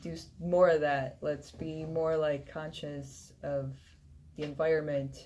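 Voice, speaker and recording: A woman who owns a shop, talking in a relaxed, hesitant way with many fillers as a guest on a radio show. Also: sits low, measured pace. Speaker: vintage shop owner, guest. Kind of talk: casual radio interview. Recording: faint ambient noise.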